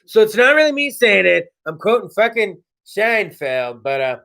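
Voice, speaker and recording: A man's voice: high voice, big pitch swings, normal speed, hardly any pauses, a bit bright. A man hosting a live-streamed comedy podcast from home, rambling and swearing, slipping into mock voices and laughing at his own jokes. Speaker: podcast host. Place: home studio.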